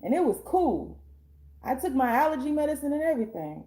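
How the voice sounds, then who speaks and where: Hoarse young woman tarot reader, mellow, slightly high voice, blunt and chatty. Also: very animated, brisk. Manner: chatty, blunt, swears casually. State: hoarse, losing her voice. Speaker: tarot reader and life coach. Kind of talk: casual tarot reading.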